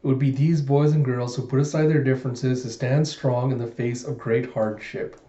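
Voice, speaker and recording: Guy doing a stuffy strict headmaster, measured and formal, echoey room. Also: medium pitch, steady tone, dark tone, natural voice. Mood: stern. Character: stern older male school headmaster. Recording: echoey room, dull sound.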